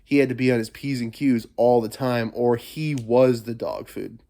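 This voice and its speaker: A man's voice: medium pitch, normal speed, dark tone. A man hosting a solo podcast, rambling playfully and swearing a lot, getting over a cold. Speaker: podcast host. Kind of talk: casual solo podcast monologue.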